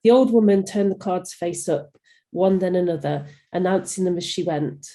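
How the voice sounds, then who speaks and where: A woman's voice: fairly low pitch, moderate pace, mellow, low-quality recording. A woman from Nottingham, an author reading aloud from her own novel at an online event. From England.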